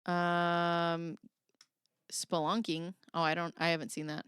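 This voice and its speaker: A woman's voice: fairly low pitch, level tone, slow, a bit bright, clear, resonant tone, dry recording, clean studio sound. A woman hosting a casual commentary show, reading documents aloud and adding sarcastic remarks. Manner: sarcastic, reads texts aloud with wry asides. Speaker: commentary channel host.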